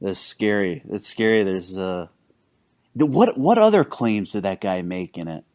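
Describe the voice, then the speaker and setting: A man co-hosting a casual podcast, telling stories in a halting, rambling way with lots of fillers and restarts. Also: on the low side, sing-song, darkish tone. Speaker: podcast co-host.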